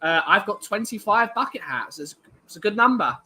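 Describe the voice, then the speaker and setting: Young male stream co-host, high bright voice, rambling and chatty. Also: lively intonation, moderate pace, slightly rough. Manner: rambling, many fillers and restarts. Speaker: livestream co-host. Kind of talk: casual chat, reading viewer comments.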